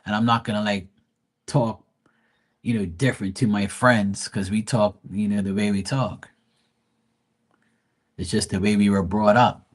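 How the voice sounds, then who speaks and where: A man from Bermuda with a Bermudian accent, chatting casually on a live stream, animated and full of slang. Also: on the low side, measured pace, long pauses. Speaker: live tarot reader.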